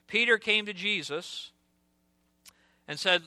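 Male pastor preaching a sermon: bright, smooth, slightly higher voice, earnest delivery. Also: unhurried, dry recording. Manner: earnest preaching, drops to a hushed voice for storytelling asides.

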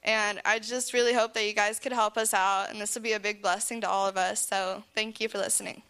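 Bright, clear-voiced teenage girl. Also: medium pitch, flat delivery, a little fast. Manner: earnest, says "like" often, laughs between phrases. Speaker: speaker sharing a camp testimony. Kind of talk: personal testimony to a church audience.

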